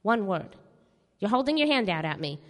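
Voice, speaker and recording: A woman's voice: mid-range voice, big pitch swings, moderate pace, big-room sound, natural voice. An actress playing a sarcastic, boastful female crook in a live radio play, taunting with theatrical mockery. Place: stage before a studio audience.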